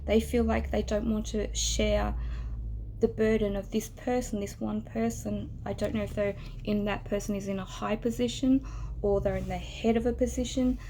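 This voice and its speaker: A woman giving a tarot reading straight to the listener, soft and earnest, now and then dropping into a whisper. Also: mid-range voice, flat delivery, normal speed, a little hiss or hum, low-quality recording. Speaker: tarot reader. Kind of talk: intimate tarot reading to the viewer. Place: indoors near a road.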